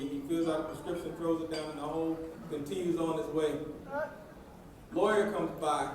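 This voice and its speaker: A man's voice: on the high side, steady tone, normal speed, a little hiss or hum. Folksy guy speechifying at a banquet, super echoey hall, mic far away. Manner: folksy, emphatic. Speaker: banquet speaker. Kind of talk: storytelling speech.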